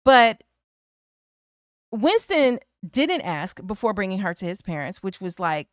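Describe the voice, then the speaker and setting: A woman with co-hosts a relaxed movie talk show, retelling scenes with lively swings in her voice and slipping into the characters' lines. Her voice comes across smooth and clear. The sound is dry and close, with no room around it. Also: mid-range voice, a little slow, no echo. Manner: animated storytelling, acts out characters' lines. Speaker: podcast co-host. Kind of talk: casual film discussion.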